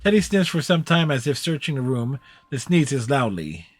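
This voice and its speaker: Man, mid-pitched voice, reading game narration, first person, steady, small slips. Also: normal speed. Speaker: streamer reading a game story aloud.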